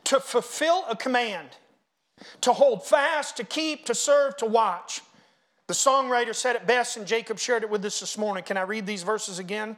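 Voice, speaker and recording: A middle-aged male pastor preaching a sermon in a church, swinging from hushed asides to loud, chanted hymn lines. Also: extremely high pitch, moderate pace.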